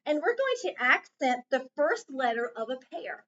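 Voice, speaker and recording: A woman teacher in a classroom, clearly and patiently prompting her students through a reading lesson. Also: sits high, sing-song, normal speed, a bit bright, dull audio. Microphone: camera set up in the room.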